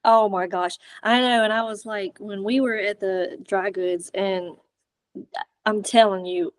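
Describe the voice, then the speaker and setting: A woman guest chatting casually about a paranormal investigation, excitable, laughing often and trailing off mid-sentence. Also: mid-range voice, measured pace, no room sound. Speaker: guest, fellow paranormal channel creator. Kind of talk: casual chat.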